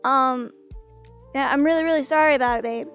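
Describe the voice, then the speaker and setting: A woman's voice: high-pitched, a little fast, a bit bright, faint music behind. A woman voicing a young girlfriend who apologizes sweetly. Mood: apologetic.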